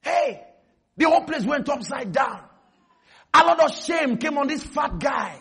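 A man preaching a sermon, telling a story with animated energy and bursting into shouts. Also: very high voice, measured pace, creaky.

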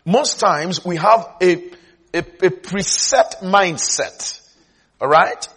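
Slow emphatic preacher man, husky voice. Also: high-pitched, a bit bright. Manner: emphatic, repeats phrases, asks listeners if they follow. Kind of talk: sermon.

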